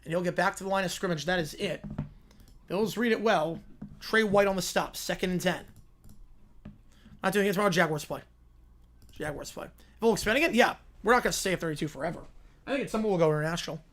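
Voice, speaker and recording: Guy with a high voice doing live football play-by-play, gets loud and drawn out on big plays, mumbly on chat stuff. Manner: rises and slows into excited calls on big plays, drops to quiet asides answering chat.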